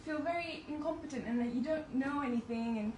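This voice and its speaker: A woman's voice: high voice, a little fast, darkish tone. Chatty, self-mocking young woman presenting. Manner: chatty, self-deprecating, laughing often. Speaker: medical student presenter. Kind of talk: presentation to an audience. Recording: echoey room, distant mic, faint noise.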